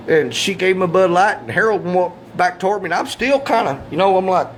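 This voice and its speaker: High-voiced folksy storyteller. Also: male voice, a little hiss or hum. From Southeast Missouri. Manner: folksy, salty, drawn-out punchlines. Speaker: comedic storyteller. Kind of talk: comic storytelling monologue.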